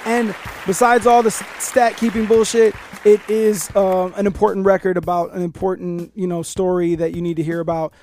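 A man's voice: sits high, level tone, normal speed, hardly any pauses, darkish tone, some chatter behind, slight background noise. A man hosting a podcast in a loose, laid-back, profane way. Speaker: podcast host. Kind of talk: casual chat.

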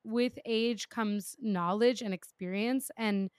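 A woman's voice: mid-range voice, steady tone, slow pace, darkish tone, clean tone, no echo, studio quality. A woman hosting a casual interview, thinking aloud in a rambling, self-aware way before putting a question to her guest. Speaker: podcast host.

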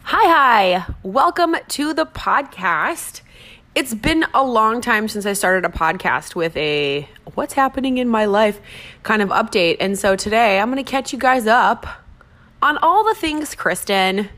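A woman's voice: a little high, lively intonation, measured pace, fairly bright tone. A woman from Minnesota hosting her own podcast, chatting casually in a rambling, self-deprecating way. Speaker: podcast host. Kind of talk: casual chat.

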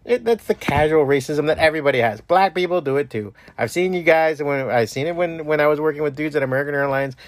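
A man with a voice on the high side hosts a podcast from home, with no room sound on the recording. His casual monologue rambles, swears freely and keeps restarting.

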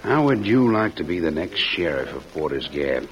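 An actor playing a scheming outlaw who talks in a smooth, coaxing way in an old radio drama. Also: male voice, extremely low pitch, big pitch swings, moderate pace, crowd noise. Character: scheming scarred male outlaw, sly and persuasive. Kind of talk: 1940s radio acting. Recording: dull old radio recording.

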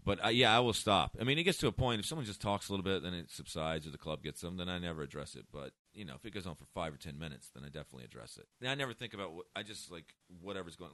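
Blunt, swearing comedian with a deep voice. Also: male voice, animated, very fast, hardly any pauses, sharp tone, no room sound. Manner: blunt, profane storytelling. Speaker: comedian guest. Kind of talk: casual chat.

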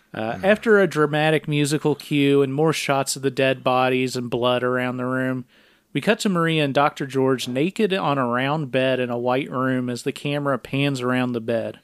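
A man co-hosting a casual podcast, recounting film scenes in a flat, matter-of-fact play-by-play. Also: mid-range voice, moderate pace, smooth, no echo, clean studio sound. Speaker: podcast co-host.

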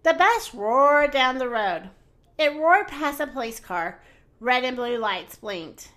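In a high voice and at a slow pace, a woman reads aloud from a children's picture book. Her storytelling style is lively and expressive.

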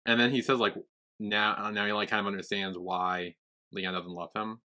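A man's voice: lowish voice, level tone, normal speed, bright, forceful tone. A young man co-hosting a podcast in casual chat, laid-back, swearing casually as he retells scenes. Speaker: podcast co-host.

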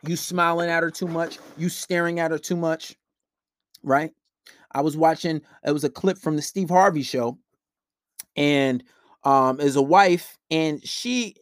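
A man with a fairly high voice talks through dating advice in a blunt, profane monologue. He slips into voices to act out arguments between couples. The recording sounds dry and close. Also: moderate pace, no room sound. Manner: blunt, profane, acts out quoted dialogue. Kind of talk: casual monologue.

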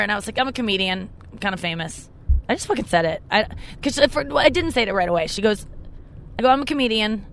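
A woman's voice: expressive, brisk, long pauses, a bit bright. A young adult woman hosting a podcast from her car, telling a rambling, self-mocking story in casual chat. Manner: rambling, self-mocking, jumps up high when quoting people. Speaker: podcast host and comedian.

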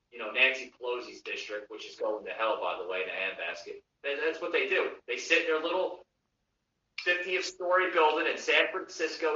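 A man's voice: mid-range voice, sharp tone. A man hosting a live podcast, ranting casually about politics with swearing and repeated restarts. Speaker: podcast host. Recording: muffled, echoey audio heard from a distance.

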